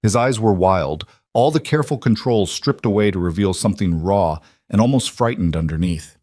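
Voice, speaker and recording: A man giving measured, scripted audiobook narration of a romance story. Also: on the low side, expressive, a little mellow, no echo, studio quality.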